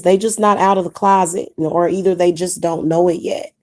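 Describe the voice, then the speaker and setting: Woman, young adult, Kansas City accent, warm low-key timbre, candid vlogger rambling repetitively. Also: steady tone, moderate pace. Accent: Kansas City, Missouri. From Kansas City, Missouri. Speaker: witch vlogger. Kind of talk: casual vlog monologue.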